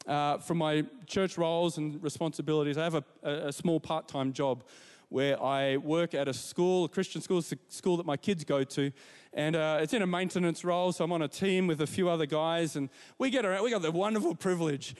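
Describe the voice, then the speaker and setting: His voice sits high and trails a long reverb as this pastor preaches, weaving personal stories into his sermon with warm repetition and frequent asides to the congregation.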